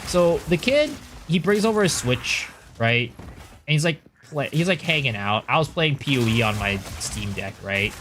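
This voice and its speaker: A young man streaming games, chatting casually and telling long rambling stories full of fillers, getting loud and exasperated when he rants. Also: fairly high pitch, lively intonation, moderate pace, a little hiss or hum. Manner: rambling anecdotal storytelling with many fillers. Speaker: game streamer. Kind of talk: casual live-stream chat.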